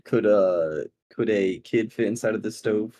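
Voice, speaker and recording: A man's voice: on the low side, measured pace, mellow. A man playing a tabletop game, casual and playful. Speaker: player.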